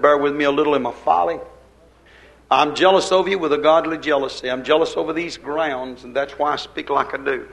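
A man preaching a fervent sermon, swinging between loud, urgent lines and quiet, low asides. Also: vocal fry, low-quality recording.

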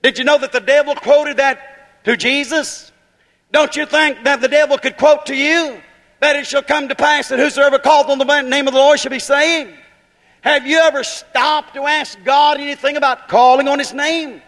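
A man's voice: very high voice, fairly even intonation, moderate pace, fairly bright tone, big-room sound. A man preaching a fiery holiness sermon, building to emphatic bursts and firing rhetorical questions at the congregation.

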